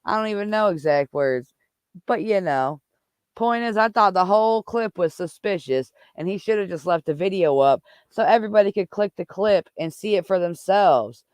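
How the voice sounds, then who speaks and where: A man in casual livestream chat, swearing and venting in an angry, heated rant. His voice sits a little high and comes through smooth and clean. The sound is close and dry, with no room in it. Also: animated, moderate pace, dry recording. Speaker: livestream host.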